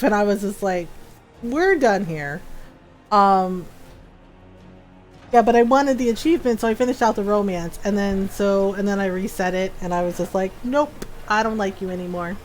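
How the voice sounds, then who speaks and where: Animated woman streamer chatting, laughing. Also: a little high. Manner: animated, laughs often, swears casually. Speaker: game streamer. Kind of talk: casual gaming chat.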